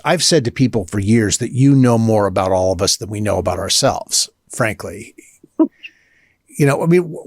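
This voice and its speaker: A man's voice: medium pitch, no echo, clean studio sound. A man co-hosting a podcast, chatting casually with a guest and often restarting his sentences. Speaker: podcast co-host. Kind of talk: casual interview chat.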